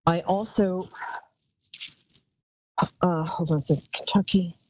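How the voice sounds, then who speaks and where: A woman's voice: lowish voice, fairly even intonation, unhurried, a little mellow, low-quality recording. A woman hosting a live call-in psychic show, talking in a chatty, rambling way and calling callers darling.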